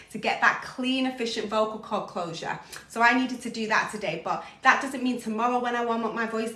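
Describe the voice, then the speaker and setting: A woman vocal coach talking casually through her warm-up routine, relaxed and chatty, breaking into sung practice sounds. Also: on the high side. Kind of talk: casual vocal warm-up lesson on a live stream. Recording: echoey room, voice a little off-mic.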